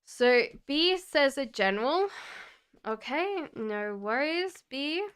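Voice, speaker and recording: A woman's voice: high voice, expressive, slow, a bit bright. A woman hosting a live-stream tarot reading, chatting casually and reassuring viewers by name as she answers their questions. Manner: hums while shuffling cards.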